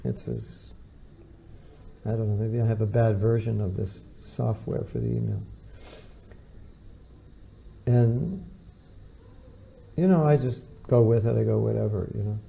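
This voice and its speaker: A man's voice: on the low side, measured pace, gravelly, pauses often, dark tone, a little hiss or hum. A man giving an informal lecture to devotees as their spiritual teacher, talking conversationally and acting out the voices of people he quotes.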